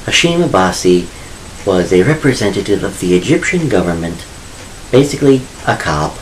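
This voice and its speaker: Low-voiced man chatting casually. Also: slight background noise, low-quality recording. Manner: chatty, opinionated, wry asides. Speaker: author vlogger. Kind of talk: casual vlog talk.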